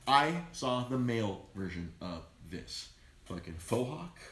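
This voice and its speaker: A man co-hosting a podcast, telling a long story in a loose, animated way, swearing constantly and acting out the people he quotes. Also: medium pitch, a little slow, reverberant. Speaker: podcast co-host. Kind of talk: casual profane storytelling. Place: podcast studio in a comic shop.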